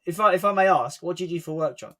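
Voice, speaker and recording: Brief: chatty man with a slightly high voice, giggles often, casual swearer, live-stream co-host on a call. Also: fast talker, a bit bright. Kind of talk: casual chat on a video call. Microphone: video call.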